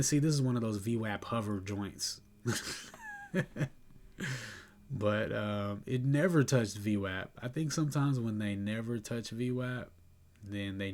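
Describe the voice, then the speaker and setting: Sleepy, low-voiced man reviewing his trades. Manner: relaxed and chatty, thinking aloud with fillers and soft laughs. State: sleepy and yawning. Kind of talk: casual screen-recorded trade review.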